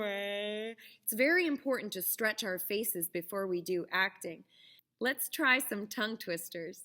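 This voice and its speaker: A young adult woman teaching theater to children, encouraging and speaking with clear enunciation. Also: medium pitch, animated, slow pace, pushed and bright. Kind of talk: children's lesson.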